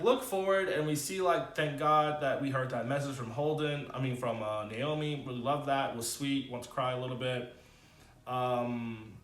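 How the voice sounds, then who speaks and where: A man giving a casual, animated spoken TV review, with loose slangy talk and many fillers. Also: reverberant. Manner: animated, swings into high excited exclamations. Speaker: TV review vlogger.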